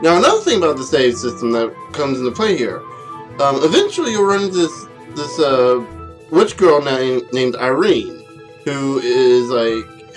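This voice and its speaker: A man's voice: mid-range voice, lively intonation, moderate pace, soft background music. A man in his twenties giving an unscripted game review, rambling, laughing often and making self-deprecating asides.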